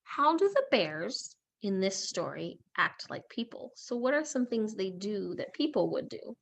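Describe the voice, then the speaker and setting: A woman teacher reading a story aloud in a lesson, expressive and asking questions. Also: mid-range voice, measured pace, vocal fry.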